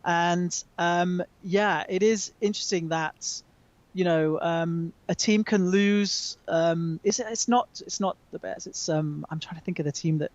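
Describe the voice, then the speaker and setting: British male guest, slightly high voice, halting, on a muffled dry call line. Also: no room sound. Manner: hesitant, many ums, chatty. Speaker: magazine editor, guest. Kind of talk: casual chat over a call. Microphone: remote call.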